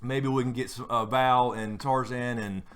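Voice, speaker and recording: A man's voice: medium pitch, steady tone, moderate pace. A man hosting a late-night live stream, chatting casually and rambling with many fillers and restarts.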